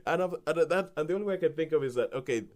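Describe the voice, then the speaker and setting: A British man co-hosting a podcast, reviewing films in a rambling, animated way with restarts and laughs. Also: fairly high pitch, racing. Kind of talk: casual film review chat.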